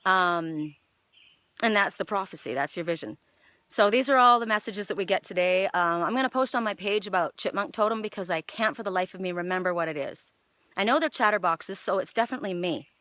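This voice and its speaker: A woman's voice: mid-range voice, fairly quick, no room sound. Chatty woman reading oracle cards outdoors. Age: middle-aged. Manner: chatty, excitable, lots of fillers. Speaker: oracle card reader. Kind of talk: casual spiritual card reading. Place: outdoors in the evening.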